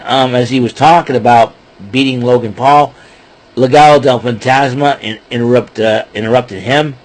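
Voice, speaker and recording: A man's voice: mid-range voice, breathy edge, poor audio. A man hosting a podcast, casually recapping wrestling shows in a rambling way with many fillers and restarts.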